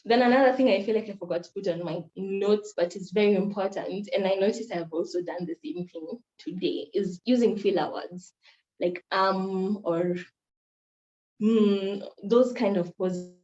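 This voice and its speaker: A young woman from Kenya teaches a workshop on moot court in an earnest, instructive way, circling back to repeat her main points. Her voice is mellow. The recording sounds roomy and a little muffled. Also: mid-range voice, brisk, hardly any pauses. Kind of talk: workshop talk.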